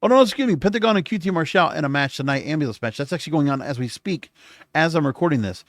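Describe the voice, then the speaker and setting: A man's voice: on the high side, animated, fast talker, dry recording, studio quality. A man hosting a solo podcast, recapping in a casual, rambling way with frequent self-corrections, recording late at night. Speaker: podcast host.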